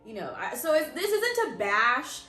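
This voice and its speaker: A young woman hosting a casual storytime chat, chatty with quick reactions and fillers. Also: sits high, very animated, sharp tone, faint music behind. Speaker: host. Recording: echoey room.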